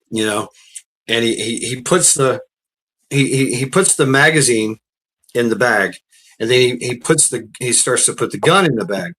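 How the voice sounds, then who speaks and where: A man tells stories casually, with plenty of cursing and repeated starts. His voice sits at a middle pitch and has a bright, forceful edge. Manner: profane, rambling, repeats words. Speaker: storyteller. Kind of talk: casual storytelling.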